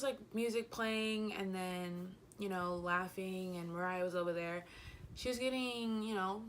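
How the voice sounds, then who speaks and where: A woman's voice: mid-range voice, fairly bright tone, slight background noise. A young woman telling a rambling, giggly storytime about a concert, a little out of breath, full of fillers. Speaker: vlogger. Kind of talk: casual storytime chat.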